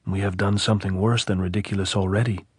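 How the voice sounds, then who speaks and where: A man voicing a calm, cautious young army lieutenant who speaks quietly and reasons things out, in an audiobook. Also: low-pitched, fast, breathy edge, no echo, clean studio sound.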